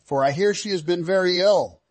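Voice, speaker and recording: A man doing a gentle, caring mother. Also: high-pitched, a little fast, no room sound, pitched above the performer's own voice. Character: fond, caring village mother.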